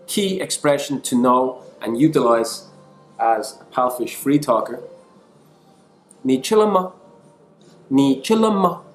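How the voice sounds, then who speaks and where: Chatty Irish man in an echoey room. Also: medium pitch. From Ireland. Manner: chatty and self-deprecating, jumping between languages. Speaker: online English teacher. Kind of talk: casual teaching vlog.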